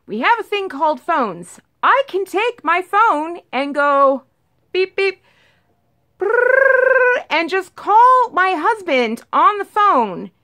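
A woman casually telling a storytime on her vlog, rambling and animated, acting out what everyone said. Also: very high-pitched, takes it slowly, few pauses. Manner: rambling, animated retelling full of "like" and acted-out quotes. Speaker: vlogger telling a storytime about her cat.

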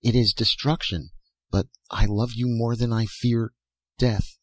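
A man reading aloud and voicing a gentle, mournful young woman from a dream world, speaking tenderly and softly. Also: medium pitch, steady tone, measured pace, dry recording, close to an everyday voice. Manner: tender, soft-spoken pleading.

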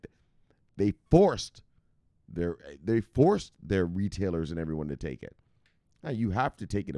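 American man, crypto news host, lively swooping delivery, profane rambling riffs, dry close mic. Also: low voice, no room sound. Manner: animated, profane, rambling, with mock dramatic voices. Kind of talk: casual news commentary.

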